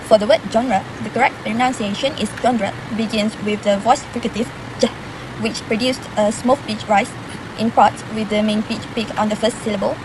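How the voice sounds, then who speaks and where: A woman student giving a scripted presentation on pronunciation, in a measured and careful explanatory manner. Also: medium pitch, fairly even intonation, noisy background. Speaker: university student presenting an assignment.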